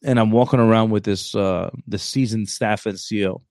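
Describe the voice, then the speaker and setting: Animated man telling a story, very dry sound. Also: lowish voice, moderate pace, no echo. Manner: animated storyteller, acts out quoted dialogue, stumbles and restarts. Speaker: Marine staff sergeant, former recruiter. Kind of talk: casual storytelling chat.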